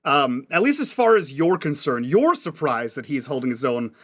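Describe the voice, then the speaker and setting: A man's voice: medium pitch, sing-song, normal speed. A man narrating as game master of a tabletop game, rambling and laughing as he goes. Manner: rambling, many fillers and restarts, laughs often.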